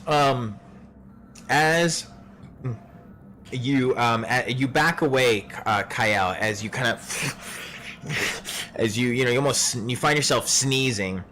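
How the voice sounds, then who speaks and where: A man narrating a tabletop game as game master, relaxed and rambling, with plenty of filler words. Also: mid-range voice, takes it slowly, long pauses, slight background noise.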